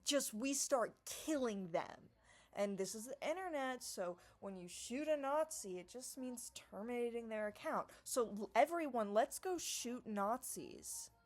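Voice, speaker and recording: A woman with a voice pitched a bit high delivers a sarcastic, profane rant straight to camera. She lurches between loud, theatrical outbursts and low, muttered asides. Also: animated, moderate pace. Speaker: vlogger. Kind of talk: ranting monologue to camera.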